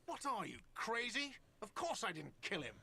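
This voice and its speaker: A man's voice: high-pitched, very animated, normal speed, bright, forceful tone, breathy edge, full character voice. An actor playing a sarcastic, dismissive male innkeeper in a detective game.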